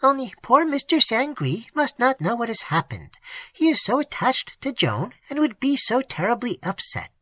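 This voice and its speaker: Narrator putting on a high, frantic wife: breathless, shrill, husky-toned, lively swings. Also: normal speed, hardly any pauses, dry recording. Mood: anxious. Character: terrified middle-aged clergyman's wife.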